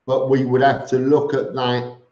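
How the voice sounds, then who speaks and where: This vlogger, a man of medium pitch with a slightly mellow tone, answers his live chat at a moderate pace in an entirely flat delivery. Casual and blunt, he reads out comments, restarts often, leans on fillers and now and then says "mate". The stream audio sounds roomy, dull and low-fi.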